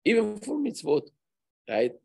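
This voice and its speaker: Gravelly-voiced rabbi teaching a Torah class. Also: male voice, high voice, huge pitch swings, unhurried, dark tone, no room sound, low-quality recording. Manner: conversational, tells anecdotes, mixes Hebrew and Yiddish terms. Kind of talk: casual Torah lesson with storytelling.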